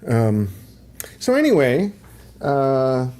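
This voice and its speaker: A middle-aged man talks casually on his livestream, drifting from one aside to the next with plenty of ums. His voice is mellow and warm, sitting at an ordinary pitch for a man. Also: huge pitch swings, drawn-out words. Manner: rambling, chatty, many ums and asides. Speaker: livestream host.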